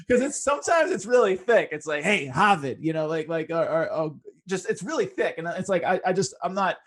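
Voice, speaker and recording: A podcast host with a faint Boston accent chats easily with his guest. His voice is a touch higher than most men's, and his manner is relaxed and friendly. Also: a little fast. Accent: muted Boston. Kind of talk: casual interview chat.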